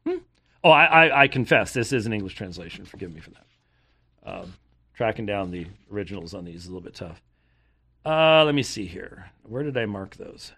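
A man's voice: fairly low pitch, sing-song, brisk, bright, forceful tone. An older man preaching, reading long quoted passages and breaking off with pointed rhetorical questions and sarcastic asides. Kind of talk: sermon reading aloud from historical sources.

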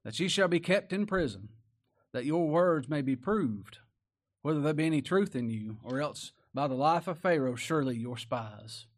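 A preacher doing a stern ruler, raised voice, commanding. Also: male voice, fairly high pitch, lively intonation, normal speed. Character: stern powerful man testing his brothers.

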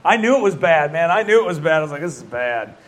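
A man's voice: fairly high pitch, racing. A middle-aged man preaching a sermon as pastor, folksy and emphatic, often dropping a casual "man" into his lines.

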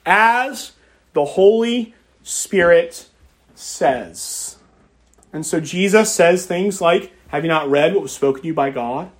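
A man with a fairly high voice preaching from the pulpit. He reads scripture aloud, then presses his point by repeating key phrases with emphasis. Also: takes it slowly. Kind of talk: expository sermon.

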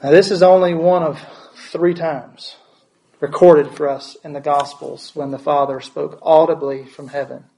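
Man, pastor's sermon, fairly high voice, asks questions, repeats words. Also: fairly even intonation, measured pace, vocal fry, mellow, poor audio.

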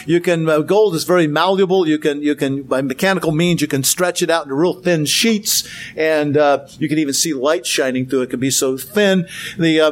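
A man giving an informal Bible lecture, conversational with many fillers and restarts and a dry sense of humor. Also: a little high. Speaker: Bible teacher.

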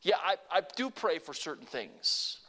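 An older male pastor preaching with a high-pitched voice. He delivers his sermon emphatically, dropping to a hush and then rising loud again, and he asks the congregation to repeat short phrases back to him. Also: sing-song, measured pace.

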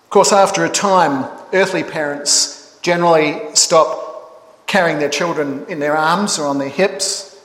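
High-voiced preacher in an echoey hall. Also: male voice, fairly bright tone. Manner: measured expository preaching, drawn-out emphasis. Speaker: pastor. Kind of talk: sermon.

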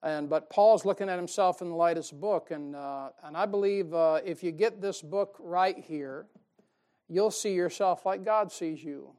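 With a high voice at normal speed, a man preaches folksily and emphatically. He laughs at his own jokes, alternating loud stresses with soft asides.

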